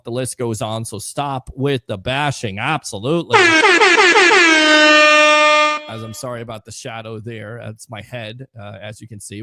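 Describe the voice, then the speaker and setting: Male sports show host, mid-pitched, loose and chatty, dry close sound. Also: no room sound. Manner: reads viewer comments aloud, chatty and loose. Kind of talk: casual sports talk show.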